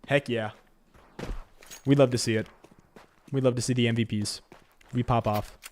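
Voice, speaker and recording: A man streaming a shooter game, rambling to his viewers between sudden excited outbursts. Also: mid-range voice, normal speed, a little hiss or hum. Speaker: gaming streamer. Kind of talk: live gameplay commentary chatting to viewers.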